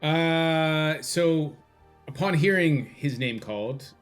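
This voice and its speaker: Slow-talking male player. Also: on the high side, faint music behind. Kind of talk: playing a tabletop game.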